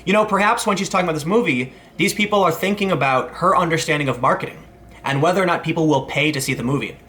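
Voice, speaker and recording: A man's voice: on the high side, fast talker, pushed and bright. A man in his thirties hosting a casual commentary vlog, rambling with many restarts and asides. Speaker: commentary host.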